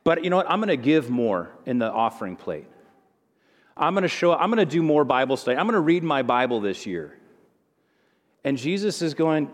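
A man's voice: mid-range voice, very animated, moderate pace. Man preaching in a reverberant hall. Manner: preaches with rising intensity and repeated phrases, stammering restarts. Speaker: pastor. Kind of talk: sermon.

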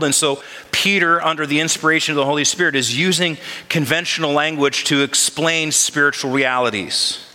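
A man's voice: on the high side, pushed and bright. A man preaching a sermon as pastor, talking conversationally and putting questions to his congregation. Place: church sanctuary. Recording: long reverb of a large hall.

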